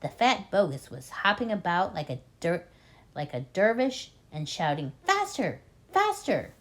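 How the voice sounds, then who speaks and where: Expressive woman reading a storybook. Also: fairly low pitch, normal speed. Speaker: reading tutor. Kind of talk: children's audiobook reading.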